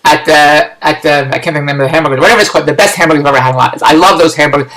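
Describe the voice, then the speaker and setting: A man's voice: a little high, steady tone, very fast, roomy sound, low-quality recording. A middle-aged man from Philadelphia, ranting in a rambling, exasperated way on his video blog. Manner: rambling, exasperated, loud rants. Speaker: vlogger.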